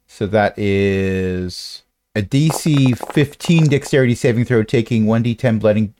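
Lively-voiced man running a tabletop game. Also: lowish voice. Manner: lively, explanatory, reading rules aloud. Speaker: game master.

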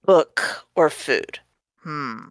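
A woman's voice: low voice, animated, very slow, no room sound, clean studio sound. A woman playing a tabletop role-playing game, speaking playfully in character as a capybara. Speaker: player.

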